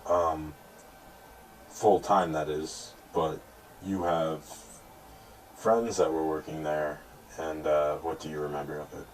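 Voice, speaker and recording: A man with a very deep voice asks questions slowly and hesitantly. He sits far from the microphone, and faint noise is heard behind him. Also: level tone. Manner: measured and hesitant, with frequent ums. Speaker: interviewer. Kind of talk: interview questions.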